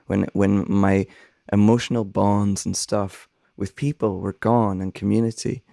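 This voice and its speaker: Low, gravelly-voiced man, earnest minister. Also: level tone, a little slow, dark tone, no echo, studio quality. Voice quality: soothing, scratchy voice. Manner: thoughtful, earnest, searching for words. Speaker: minister and songwriter. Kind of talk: reflective conversation.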